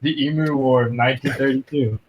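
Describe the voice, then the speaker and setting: A man's voice: mid-range voice, fairly even intonation, fairly quick, lo-fi sound, slight background noise. A man from Florida co-hosting a podcast, chiming in with brief dry remarks. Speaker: podcast co-host. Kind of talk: casual chat.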